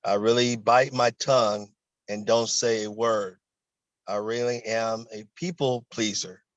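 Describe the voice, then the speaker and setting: A man's voice: lowish voice, fairly even intonation, unhurried, no echo. A man taking part in a coaching session, speaking hesitantly with fillers and then reading out notes he wrote. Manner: hesitant, reads out his own written notes. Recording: dull, dry lo-fi call audio.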